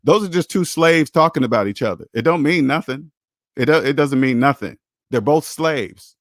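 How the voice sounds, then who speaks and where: A man's voice: a little high, expressive, normal speed, no echo. Blunt man hosting a money Q&A stream; preachy and profane, voice jumps up when he mocks, dry close mic. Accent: American English. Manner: blunt, preachy, swears for emphasis; repeats himself, rises sharply when mocking. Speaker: personal finance show host. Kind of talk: live Q&A stream, answering chat.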